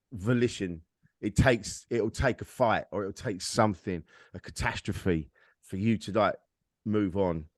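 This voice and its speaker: This comedian's voice sits fairly low, captured at studio quality with no room sound. Appearing as a podcast guest, he shares a frank, meandering, self-mocking personal story in candid conversational style.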